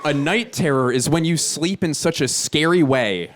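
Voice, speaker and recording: A man in his thirties doing stand-up storytelling on a theater stage, animated and jumping into high squeaky voices. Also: normal speed. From Philadelphia, USA. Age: 30s. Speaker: stand-up comedian. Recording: loud audience laughter behind.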